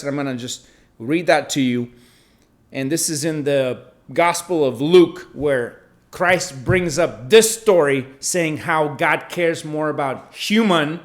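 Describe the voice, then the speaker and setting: A man with a somewhat higher voice teaches from scripture at a slow, deliberate pace. He reads verses aloud and then breaks them down in a relaxed, conversational way, often checking in with a quick "right?". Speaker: Bible teacher. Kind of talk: scripture reading and explanation.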